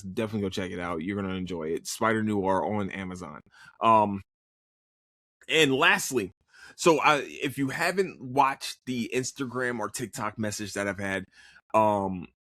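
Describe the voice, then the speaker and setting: Young male podcast host, low-pitched, swears freely, rambles with restarts, close dry mic. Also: a bit bright, no room sound. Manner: rambling, profane, lots of restarts and fillers. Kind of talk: casual solo review chat.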